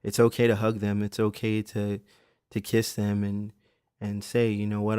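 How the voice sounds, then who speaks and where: A man's voice: lowish voice, completely flat delivery, normal speed, warm tone, clean tone, dry recording, clean studio sound. A man hosting a podcast in a casual monologue, rambling and profane, with many fillers. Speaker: podcast host.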